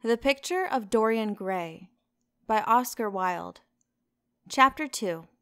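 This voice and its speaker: A woman narrating an audiobook in a steady, measured reading style. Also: fairly high pitch, smooth, no room sound, clean studio sound. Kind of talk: scripted narration.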